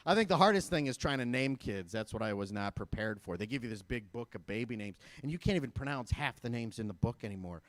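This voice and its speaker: A man's voice: medium pitch, expressive, fast, few pauses, dry recording. A young man from Michigan doing a stand-up comedy set, joking and laughing at his own lines.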